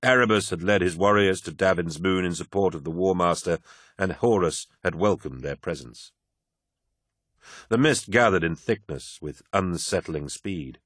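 A man narrating an audiobook in a measured, grave manner. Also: low-pitched, a bit bright, dry recording, studio quality.

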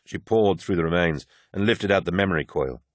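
A man narrating a science-fiction audiobook in a steady, measured way. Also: deep voice, dry recording, clean studio sound. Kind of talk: scripted narration.

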